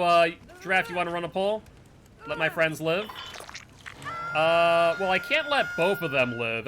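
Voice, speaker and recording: Bright-voiced chatty male streamer. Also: fairly high pitch, a little hiss or hum. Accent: Northeastern US. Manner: rambling, chatty, talks to chat between plays. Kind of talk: live gameplay commentary and chat.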